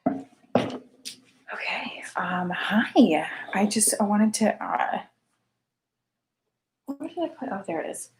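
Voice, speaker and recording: A woman's voice: medium pitch, lively intonation, a little slow, pauses often, a little mellow, a little hiss or hum. A woman in her thirties hosting a casual late-night livestream show, chatty and self-deprecating and sounding tired. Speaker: show host.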